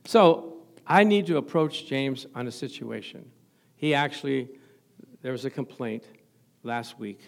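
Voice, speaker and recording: A man's voice: mid-range voice, unhurried, gravelly. A middle-aged man preaching a sermon as pastor in a church, joking playfully with the congregation.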